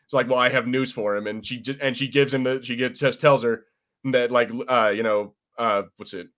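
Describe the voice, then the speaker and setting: Man, podcast co-host, casual review chat, rambling, swears freely, average pitch. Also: steady tone, a little fast, a bit bright. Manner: rambling, many fillers and restarts, swears freely.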